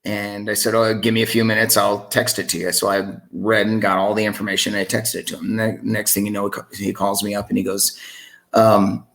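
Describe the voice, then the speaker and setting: A middle-aged man with a fairly low voice tells a story in a relaxed podcast chat. He is animated and puts on the voices of the people in his story. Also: brisk. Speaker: singer and sound engineer. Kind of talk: casual storytelling in a podcast interview.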